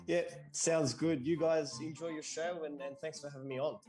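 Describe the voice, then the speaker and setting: A man joining a podcast as a guest, talking in a relaxed, easygoing way. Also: a little high, normal speed, soft background music. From Australia. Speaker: guest on a call. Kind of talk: casual chat.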